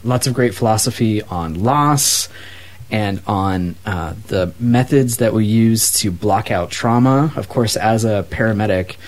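A man's voice: on the low side, measured pace. A man co-hosting a podcast, chatting casually about a movie with enthusiasm and lots of fillers. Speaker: podcast co-host. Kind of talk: casual movie review chat.

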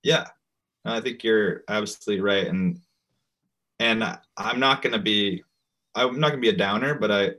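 A man's voice: fairly low pitch, moderate pace, pauses often, bright, forceful tone. A man co-hosting a podcast, telling stories in an easygoing, self-deprecating way. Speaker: podcast co-host. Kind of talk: casual chat.

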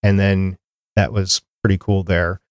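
A man's voice: low voice, level tone, unhurried, no room sound. Chatty male podcast host, dry close mic. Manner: chatty, reads listener feedback aloud. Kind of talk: casual podcast chat.

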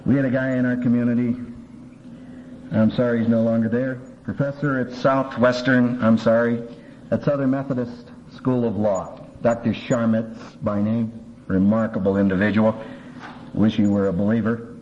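In a mid-range voice and at a moderate pace, a seminary professor gives a lively lecture full of humor. He's animated and performs his quotes in character voices. The audio is from an old cassette, dull and faintly hissing.

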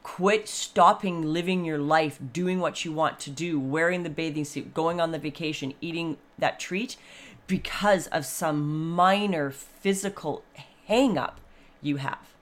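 A woman in her fifties talking in a blunt, chatty, animated monologue. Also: low-pitched, measured pace. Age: 50s. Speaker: vlogger. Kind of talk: casual monologue.

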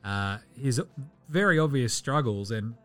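An Australian man hosting a casual sports podcast, joking, swearing and jumping into bursts of excitement. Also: mid-range voice, a little slow, soft background music. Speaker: podcast host.

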